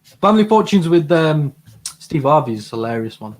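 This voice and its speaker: A man's voice: on the high side, very animated, brisk, darkish tone. A man co-hosting a live advice stream, talking eagerly and often repeating and restarting words. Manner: enthusiastic, stumbles and repeats words, playful. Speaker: advice show co-host. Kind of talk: casual live-stream banter.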